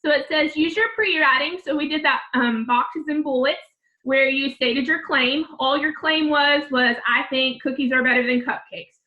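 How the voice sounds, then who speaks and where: A woman's voice: high-pitched, normal speed, highs cut off. A woman teacher giving remote class instructions to children, patiently repeating each step.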